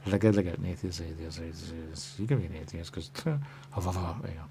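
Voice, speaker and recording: Warm in tone and sitting low, a man's voice moves fairly quickly over a little hiss or hum. He's a radio talk host rambling in a stream-of-consciousness monologue, repetitive, repeatedly saying "there you go" and fading into whispers.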